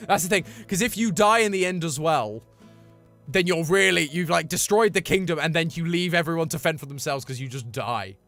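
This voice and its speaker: A playful man chats loosely with his stream, his voice bright and on the high side. He tosses off quick asides to his viewers. Faint music plays underneath. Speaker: streamer answering chat. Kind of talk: casual live-stream chat.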